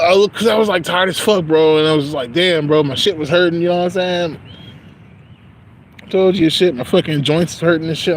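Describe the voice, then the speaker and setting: A man's voice: fairly high pitch, a little hiss or hum, low-quality recording. A young man talking in a casual, rambling monologue, slangy and profane, laughing often. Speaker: vlogger.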